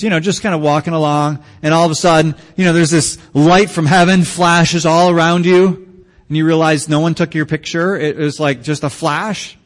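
A male pastor delivers a sermon in a casual, joking way, talking with the congregation. His voice sits a little high for a man. The sound rings with a long hall reverb.

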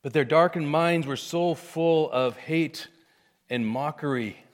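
A man's voice: fairly high pitch, slow pace. Dramatic preacher man in a reverberant hall. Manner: dramatic, swinging from hushed to loud. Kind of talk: sermon.

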